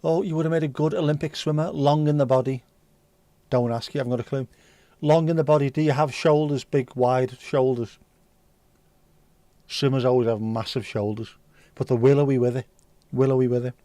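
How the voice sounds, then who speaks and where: Bloke chatting on his stream, jokey, dark tone, close dry sound. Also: medium pitch, fairly even intonation, a little fast, pauses often, no echo. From North West England. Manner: joking, banter with chat. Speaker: livestream host. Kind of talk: casual livestream chat reading comments.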